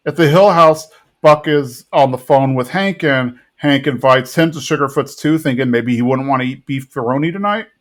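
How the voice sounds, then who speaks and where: A man hosting a podcast, casually retelling an episode with animated quick quotes of characters. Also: medium pitch. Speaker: podcast host.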